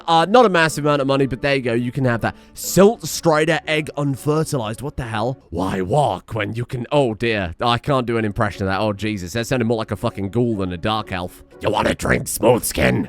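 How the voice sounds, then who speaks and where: Excitable, swearing game commentator, man. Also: mid-range voice. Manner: excitable, swears freely, jokey asides. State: voice strained from shouting. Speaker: gaming channel host. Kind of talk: let's play commentary.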